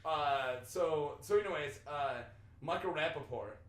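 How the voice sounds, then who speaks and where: A man's voice: on the high side, unhurried, a bit bright. A man hosting a podcast in an apartment, chatting loosely, swearing freely and acting out the people he quotes. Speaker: podcast host. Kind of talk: casual chat. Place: apartment room. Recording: roomy apartment echo.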